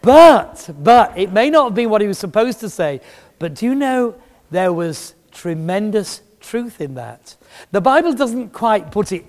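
A man's voice: high-pitched, lively intonation, measured pace, darkish tone. A middle-aged man preaching a sermon, telling a story with emphasis and humor. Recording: long reverb in a large hall.

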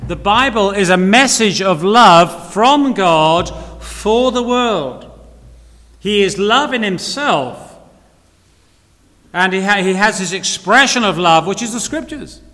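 A man's voice: high voice, expressive, takes it slowly, sharp tone. A man preaching a sermon, earnest, repeating key phrases and asking rhetorical questions. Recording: long reverb of a hall.

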